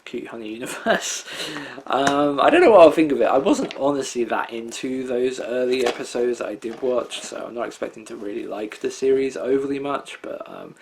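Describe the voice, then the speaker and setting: A man's voice: medium pitch, normal speed, vocal fry, hardly any pauses, a little hiss or hum. A young man talking casually through his collection haul, rambling with lots of fillers and frequent chuckles. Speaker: anime collector showing a disc haul.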